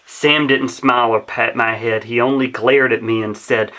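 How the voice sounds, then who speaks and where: A man's voice: mid-range voice, fairly even intonation, normal speed, few pauses, bright, forceful tone. A man reading a rhyming children's story aloud in a rhythmic, sing-song way. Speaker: storybook reader.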